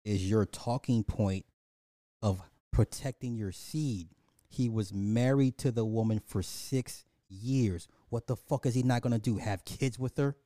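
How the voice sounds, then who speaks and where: A man's voice: on the low side, unhurried, warm tone, no echo, studio quality. A man hosting a casual livestream, ranting profanely and animatedly, laughing and talking to his chat. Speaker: livestream host.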